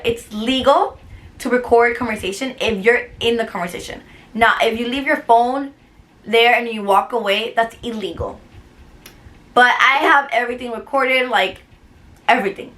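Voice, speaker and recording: A woman in her twenties from the US telling a story in a chatty, animated vlog with lots of fillers. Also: a little high. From United States. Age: 20s. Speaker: vlogger.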